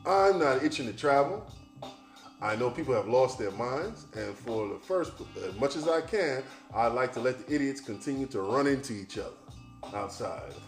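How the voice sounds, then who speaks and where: A man's voice: medium pitch, expressive, moderate pace. A man hosting a podcast, reading news headlines aloud and ranting about them in a blunt, profane, sardonic way. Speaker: podcast host. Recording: roomy echo, faint music.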